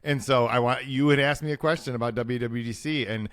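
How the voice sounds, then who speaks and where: A man's voice: mid-range voice, fairly even intonation, fairly quick, smooth, dry recording, clean studio sound. Wry, rambling man co-hosting a podcast. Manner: wry, rambling, self-correcting. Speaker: podcast co-host. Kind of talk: casual chat.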